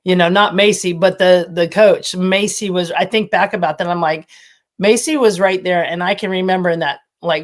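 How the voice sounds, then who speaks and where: A woman in her fifties, a former college softball coach, telling stories with animation and frequent laughter as a podcast guest. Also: lowish voice, normal speed. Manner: animated storytelling, laughs often. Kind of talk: casual podcast interview.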